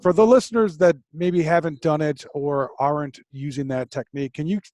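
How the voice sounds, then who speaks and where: A man's voice: a little high, steady tone, moderate pace, a little mellow, no echo. A man hosting a podcast who asks his guest questions in a reflective, easygoing way. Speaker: podcast host. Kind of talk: interview questions.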